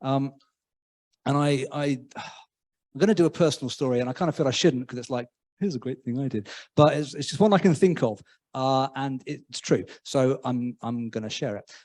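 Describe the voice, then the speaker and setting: An English man preaching a conversational sermon in church, self-deprecating and humorous, with frequent halting restarts. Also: medium pitch, a little mellow.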